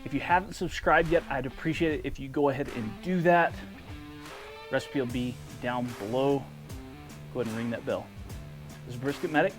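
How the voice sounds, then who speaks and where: A man's voice: mid-range voice, fairly quick, pauses often, music in the background. Easygoing man hosting a cooking vlog. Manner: enthusiastic, relaxed, filler-heavy. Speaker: barbecue cooking channel host. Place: outdoors at a smoker.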